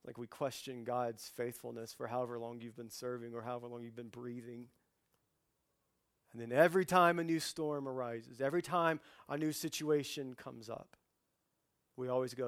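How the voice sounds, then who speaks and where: A man in his forties preaching a sermon in a conversational way, dropping to a hush and then rising into loud, lively outbursts. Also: medium pitch, moderate pace, dry recording, studio quality. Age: 40s. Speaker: pastor.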